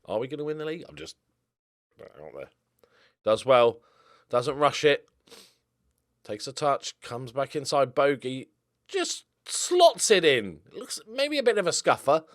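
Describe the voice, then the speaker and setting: Young man, casual game commentary, lively pitch swings, dry close-mic sound, mumbles then bursts out loud. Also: unhurried, dry recording. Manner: excitable, swings from mumbled asides to loud outbursts. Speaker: gaming YouTuber.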